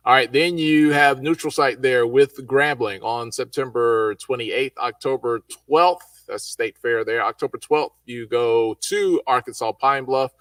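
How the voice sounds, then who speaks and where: A man hosting a live college football talk show, lively and folksy as he runs through the schedule. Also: medium pitch, a little slow, few pauses, no echo, recorded from a distance. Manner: lively, folksy, hypes teams. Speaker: show host.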